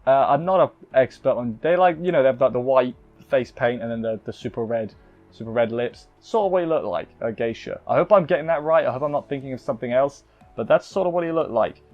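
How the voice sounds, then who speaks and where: A man's voice: mid-range voice, animated, fast talker, muffled recording, soft background music. A man casually recapping an anime episode as a reviewer, rambling with lots of fillers and self-corrections.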